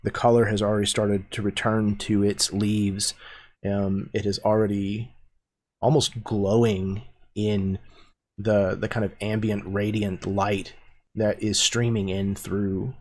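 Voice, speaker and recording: A game master slowly narrating a tabletop adventure in a husky, slightly low voice. He describes each scene at length and pauses often on fillers. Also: flat delivery, a little mellow. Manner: descriptive, unhurried, with many fillers.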